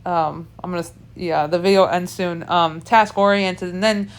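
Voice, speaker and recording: A woman's voice: fairly low pitch, fairly even intonation, moderate pace. A young woman telling a candid, self-deprecating story in a casual vlog, talking from the cockpit of a small plane with frequent restarts. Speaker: vlogger and pilot.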